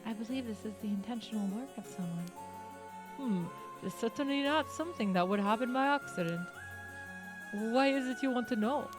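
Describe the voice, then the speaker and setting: A woman's voice: on the high side, normal speed, over music, lightly acted. A woman voicing a proud, egotistical male teacher in a game, speaking in a pompous, formal way.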